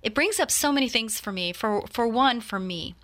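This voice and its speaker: A woman's voice: a little high, expressive, moderate pace, fairly bright tone. A woman in her fifties in heartfelt personal talk, earnest and reflective, speaking straight to her listeners. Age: 50s.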